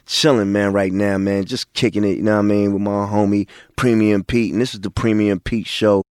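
Low-voiced new guy, chill slangy promo shout-out, dry close sound. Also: level tone, a little fast, no echo. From Queens, New York. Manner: laid-back, streetwise slang. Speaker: guest shout-out drop. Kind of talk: recorded show promo drop.

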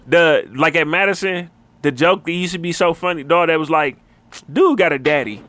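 Fast-talking high-voiced man. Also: fairly even intonation, bright, forceful tone, clear, resonant tone, no room sound. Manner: fast, slangy, swearing. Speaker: podcast co-host. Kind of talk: casual chat.

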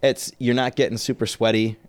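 A man's voice: medium pitch, little pitch movement, brisk. A man co-hosting a casual podcast chat, joking and laughing often, recorded on a close studio mic. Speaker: podcast co-host.

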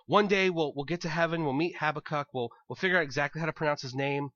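Bright-voiced man preaching a sermon. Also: fairly high pitch, a little fast, no echo, muffled recording. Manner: conversational, repeats words as he thinks. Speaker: pastor.

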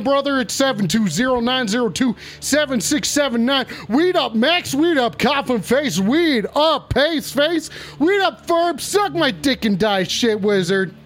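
A man streaming in a persona, playing a brash, foul-mouthed male wrestler who trash-talks and repeats his insults. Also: very high-pitched. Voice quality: gruff and shouty, heavy profanity. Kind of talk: livestream persona rant.

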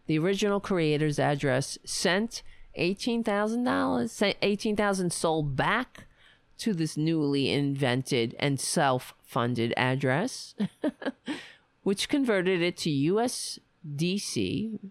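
A woman's voice: low voice, clear, resonant tone, no room sound. A woman hosting a casual home livestream, chatting wryly with her viewers and thanking supporters. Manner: chatty, wry, talks to her pets in a soft coaxing voice. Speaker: livestream host. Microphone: home webcam mic.

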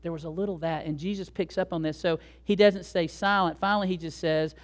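High-voiced man preaching conversationally. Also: a little fast, few pauses. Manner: conversational, asking rhetorical questions. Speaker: pastor. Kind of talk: sermon.

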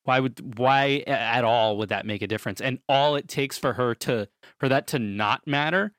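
A man's voice: medium pitch, moderate pace, fairly bright tone, dry recording, studio quality. A man co-hosting a casual movie review podcast, restarting sentences as he talks. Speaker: podcast co-host.

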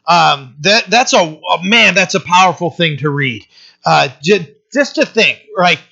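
Bright-voiced man preaching a casual sermon. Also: sits high, expressive, measured pace, vocal fry. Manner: restarts often, tags lines with "right?". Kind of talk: conversational sermon. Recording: dull lo-fi recording.

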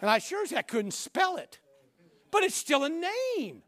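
High-voiced man preaching a fiery sermon. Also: wildly swooping pitch, unhurried. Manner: emphatic, rising to shouts, repeats rhetorical questions. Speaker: pastor.

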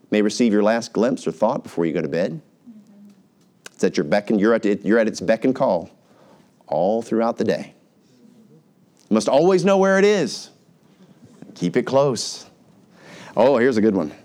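Male American pastor, casual teaching sermon, lively delivery with quick asides. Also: mid-range voice. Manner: conversational, animated, puts on voices for everyday examples.

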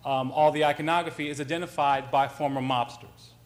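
Male author, lecture storytelling, animated and conversational. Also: on the high side, fairly quick. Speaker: author giving a talk.

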